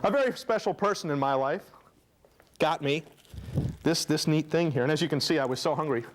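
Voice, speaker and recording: A man's voice: on the high side, brisk. A young man doing a chatty stand-up comedy routine for a student audience, laughing at his own jokes. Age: young adult. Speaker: stand-up comic host. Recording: faint noise, 1990 student TV tape.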